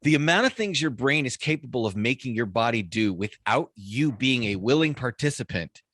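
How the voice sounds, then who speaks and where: A man co-hosting a podcast, telling a story in a lively, animated way. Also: mid-range voice, moderate pace, dry recording. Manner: animated storyteller, acts out quotes. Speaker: podcast co-host.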